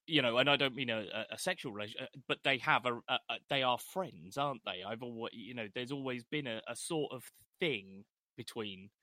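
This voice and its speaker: A man's voice: mid-range voice, a little fast, bright, forceful tone, no room sound, clean studio sound. A middle-aged man co-hosting a casual film discussion podcast, chatty with hesitant restarts. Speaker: podcast co-host.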